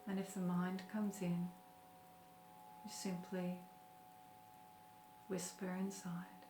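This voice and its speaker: A woman leading a guided meditation in a slow, gentle, soothing way. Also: fairly low pitch, little pitch movement, noisy background. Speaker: meditation teacher. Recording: roomy with music behind. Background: soft music.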